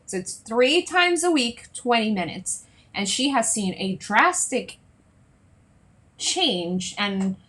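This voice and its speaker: A chatty woman coach talks solo to viewers on Facebook Live in a medium-pitched voice. She's lively, keeps checking in with "right?" and "okay?", and acts out little scenes in other voices.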